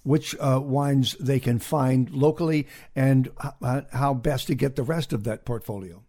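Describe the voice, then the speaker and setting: A man's voice: mid-range voice, a little slow, mellow. A man hosting a casual radio interview, chatty and jokey, with frequent stumbling restarts. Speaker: radio host.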